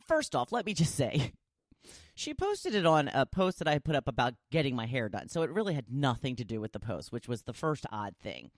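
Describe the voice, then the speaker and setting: A middle-aged woman hosting her own podcast, talking casually and chattily, with big leaps up in pitch. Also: no room sound, clean studio sound. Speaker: podcast host. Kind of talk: casual solo podcast talk.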